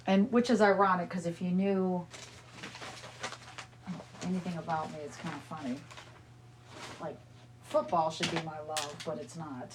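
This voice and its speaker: On a phone livestream with no camera, a woman in her forties walks around her home cleaning and chatting casually, rambling from story to story. She sounds a little out of breath, and her lowish voice is creaky against a noisy background.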